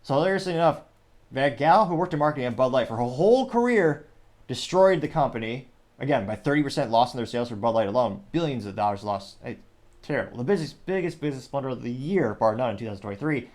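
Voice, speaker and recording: A man's voice: medium pitch, animated, fast talker, a little mellow. A man hosting a news commentary show, rambling and correcting himself with wry asides. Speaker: show host.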